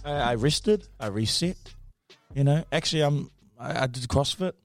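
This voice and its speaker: A playful, jokey man co-hosts a radio chat, his pitch bouncing lively up and down. Faint music sits underneath him. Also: moderate pace. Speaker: co-host.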